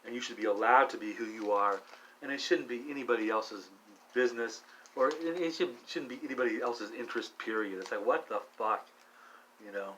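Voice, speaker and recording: A middle-aged man vlogging alone while high, rambling with many restarts and frequent swearing. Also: a little fast, fairly bright tone, slight background noise, low-quality recording. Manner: meandering, profane, restless restarts. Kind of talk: rambling solo monologue.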